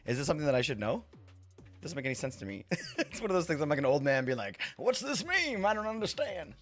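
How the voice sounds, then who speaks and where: A man streaming a game live, rambling excitedly, laughing and swearing as he reacts to chat. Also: mid-range voice, rapid-fire, faint music behind.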